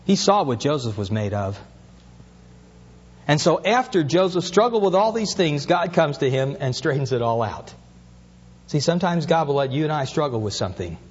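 A man's voice: on the high side, very animated, moderate pace, husky, big-room sound, highs cut off. A pastor preaching an earnest sermon, his voice rising as he asks questions.

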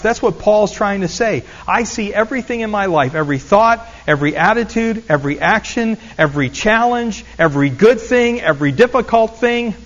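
High-voiced pastor preaching a sermon. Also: male voice, a bit bright, lo-fi sound. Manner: earnest teaching, repeats phrases for emphasis.

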